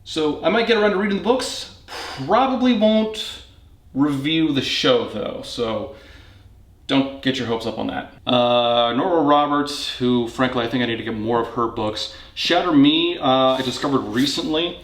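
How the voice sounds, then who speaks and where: A man rambles through a casual tour of his bookshelves, dropping wry jokes as he goes. His voice sits at an ordinary middle pitch. The sound is roomy and echoey, recorded in a home reading nook open to a balcony. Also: lively intonation, normal speed. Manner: wry, joking asides. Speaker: book channel host. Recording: echoey room.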